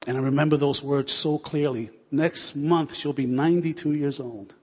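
A man's voice: on the high side, fairly even intonation, normal speed, a little mellow, slightly rough. A man in his forties preaching a sermon with fervor, repeating phrases as he builds toward prayer in a church hall. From United States. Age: 40s. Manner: fervent, repetitive, building to prayer. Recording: long reverb of a hall.

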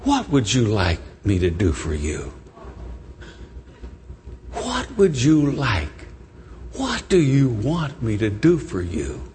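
A man voicing a compassionate male teacher who asks questions softly and slowly. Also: mid-range voice, huge pitch swings, slight background noise, voice pushed down. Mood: gentle. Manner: gentle, slow. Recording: long church reverb.

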